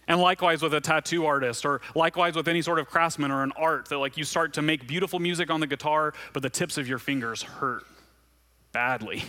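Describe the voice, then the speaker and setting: A man's voice: medium pitch, pushed and bright. A man preaching a sermon as pastor to his church, earnest and conversational, with frequent light laughs.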